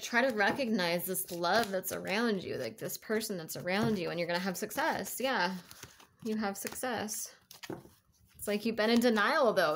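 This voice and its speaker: A woman's voice: mid-range voice, slight background noise. Chatty young woman giving a tarot reading. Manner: rambling, filler-heavy, many "like"s and restarts. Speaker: tarot reader. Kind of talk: casual tarot reading monologue.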